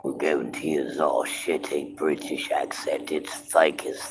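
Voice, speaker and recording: A gruff, low-voiced fake British gentleman, as a man puts him on with a hammy, self-mocking accent. The voice drops well below his normal register. It comes through a noisy phone recording. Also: steady tone, measured pace. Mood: mock posh.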